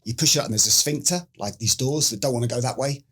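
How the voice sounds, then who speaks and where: A middle-aged British man from the United Kingdom, a former special forces medic, tells a story in a casual interview with a mid-range voice and a quick pace. He's an animated storyteller who acts out what people said.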